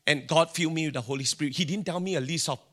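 A man's voice: a little high, fast, pushed and bright. A middle-aged man with a Singaporean English accent preaching a sermon, telling stories animatedly and acting out the dialogue. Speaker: pastor.

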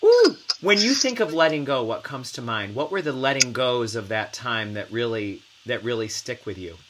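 A man's voice: mid-range voice, animated, moderate pace, very noisy. A man hosting an interview, reflective and thinking aloud as he asks questions. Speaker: podcast host. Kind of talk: conversational interview.

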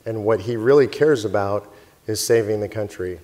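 A man and organization president telling an animated story in a speech to a live audience, laughing often as he goes. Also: on the low side, normal speed, a little hiss or hum. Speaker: convention speaker and organization president. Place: conference hall stage. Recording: long hall reverb with faint crowd.

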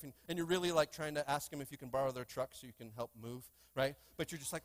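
Energetic man preaching with call-and-response. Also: on the high side, fast. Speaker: pastor. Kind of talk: sermon. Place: church sanctuary.

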